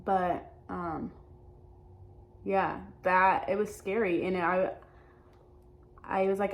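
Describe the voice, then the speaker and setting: A young adult woman talking openly in a personal vlog, halting and hesitant, often restarting her sentences. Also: lowish voice, steady tone. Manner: earnest and open. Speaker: vlogger.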